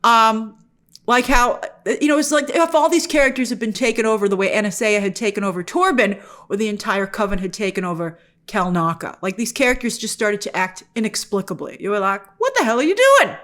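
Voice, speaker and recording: A woman hosting an online show, giving a casual spoken review with animated, exasperated energy and asking the viewers questions. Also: mid-range voice, a little fast. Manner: animated and exasperated, often mock-quoting characters; talks directly to the viewers with questions.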